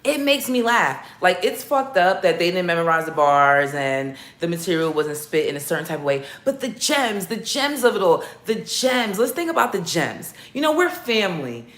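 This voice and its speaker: A woman's voice: lowish voice, very animated, normal speed, hardly any pauses, fairly bright tone. A woman hosting a casual livestream, chatting with her viewers in a blunt, profane and playful way. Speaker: livestream host talking battle rap. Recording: roomy echoey room.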